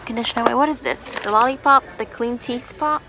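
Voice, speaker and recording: Chatty young mom vlogger, rambling and laughing, handheld camera, clear background noise. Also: female voice, on the high side, fairly quick. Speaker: vlogger, mother. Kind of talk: casual vlog talk to camera. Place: stores and home, in and out of doors.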